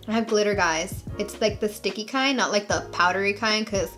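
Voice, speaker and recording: A young woman chatting casually through a makeup tutorial, bubbly and jokey, gasping with excitement over her products. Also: medium pitch, moderate pace, faint music behind. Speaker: makeup vlogger.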